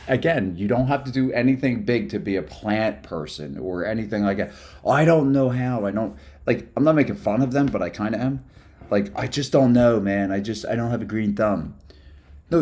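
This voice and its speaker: A man's voice: on the low side, darkish tone. A man chatting casually on a live stream, hyper and rambling from topic to topic after no sleep. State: sleep-deprived.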